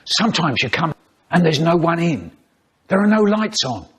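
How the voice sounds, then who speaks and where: A man in his sixties telling stories in a chopped-up comedic remix, with an animated, exaggerated delivery. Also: on the high side, normal speed, husky. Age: 60s. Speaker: storyteller. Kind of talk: spliced comedic storytelling remix.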